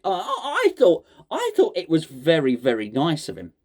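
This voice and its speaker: A man's voice: a little high, big pitch swings, normal speed, darkish tone. A man hosting a casual chat, mock-serious and joking, often stumbling and repeating words. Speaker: host.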